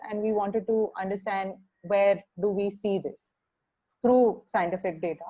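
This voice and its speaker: Young Indian woman, mellow tone, halting webinar speaker on a call. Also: medium pitch, low-quality recording. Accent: Indian English. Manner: halting, many fillers and restarts. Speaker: webinar speaker, criminal justice social worker. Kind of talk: webinar talk.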